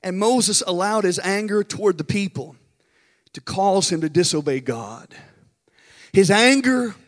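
A man, a pastor preaching and telling a story in an animated, folksy way with dramatic pauses. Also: sits high. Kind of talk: storytelling sermon. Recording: long reverb in a large hall.

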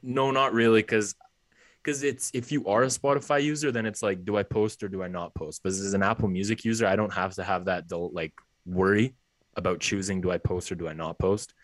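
A man's voice: on the low side, fairly even intonation, fairly quick, dry recording. A young man co-hosting a podcast, chatting casually and joking about sports. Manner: laid-back, joking. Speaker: podcast co-host.

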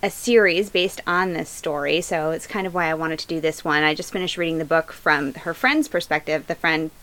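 A woman's voice: deep voice, steady tone, fairly quick, a bit bright, low-quality recording. A woman hosting a true-crime podcast, telling the story in a casual, chatty way with lots of fillers. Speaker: podcast host.

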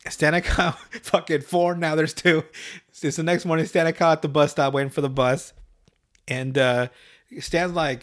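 A man hosting a casual podcast, recapping a cartoon episode with swearing, laughter and quick asides. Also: on the high side, steady tone. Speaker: podcast host.

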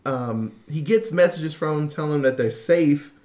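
A man's voice: on the high side, normal speed. A man co-hosting a podcast, casually recapping a zombie movie with laughs, swearing and acted-out quotes. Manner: animated retelling with quoted voices, laughing, swearing. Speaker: podcast co-host.

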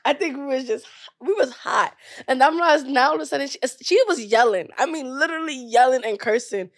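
A young woman, chatting on a podcast in a fairly high voice. She tells stories with animated energy and laughs often. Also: brisk. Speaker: podcast co-host. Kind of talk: casual chat.

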